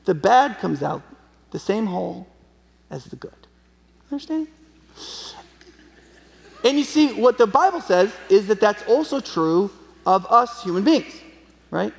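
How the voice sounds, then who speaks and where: Male pastor, conversational joking sermon, gravelly, high voice, long church-hall reverb. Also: sing-song, a little slow, long pauses. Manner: conversational, joking, uses a live chicken as a prop.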